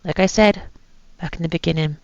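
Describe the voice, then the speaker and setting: A woman voicing a bitter, dying old male pirate captain in a put-on pirate accent, reading his last words slowly. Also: low-pitched, steady tone, no room sound. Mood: bitter, weary. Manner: slow gravelly pirate accent, grim. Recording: dull lo-fi sound with faint ambience.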